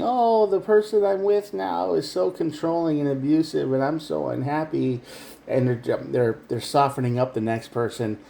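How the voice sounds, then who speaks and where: A man's voice: on the low side, warm tone. Guy doing a tarot reading to camera, earnest, pushes hard on key words, bit of faint hiss behind. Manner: earnest, emphatic, talks straight to the viewer. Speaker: tarot reader.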